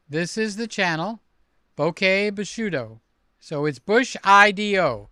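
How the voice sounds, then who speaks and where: An older man hosting a casual livestream, chatty and excitable as he reads out comments and gives shout-outs. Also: high-pitched, clear, resonant tone, no room sound, clean studio sound. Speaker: livestream host.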